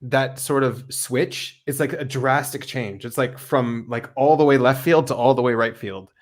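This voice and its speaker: Guy running a chill interview, says like a lot, medium pitch. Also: moderate pace. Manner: relaxed, loose, many fillers like "like" and "right". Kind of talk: casual interview conversation.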